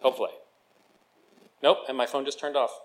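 A man, the pastor of a church, preaching a sermon. He reads scripture with slow, measured care, then talks casually with the congregation and jokes with them. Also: mid-range voice. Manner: reads scripture slowly, then chats with the congregation in a lively, joking way.

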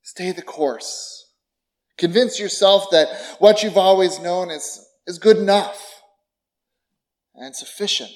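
A middle-aged pastor preaches a sermon in a conversational, expressive way, posing rhetorical questions and making wry asides about himself. His voice sits high.

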